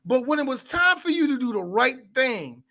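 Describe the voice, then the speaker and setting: A man co-hosting a podcast, talking in heated, profane bursts that swing up and down in pitch. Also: big pitch swings, moderate pace, sharp tone, highs cut off. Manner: impassioned, profane, sweeping in pitch. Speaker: podcast co-host. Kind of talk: heated casual discussion.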